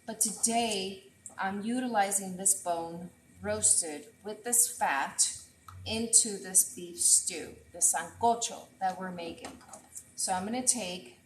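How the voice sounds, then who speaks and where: A woman's voice: mid-range voice, slow, slight background noise. Woman chef chatting to viewers as she cooks, earbud mic, echoey kitchen, faint sizzle behind. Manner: chatty, talks straight to viewers while cooking. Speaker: chef and host. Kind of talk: casual cooking livestream chat. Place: home kitchen.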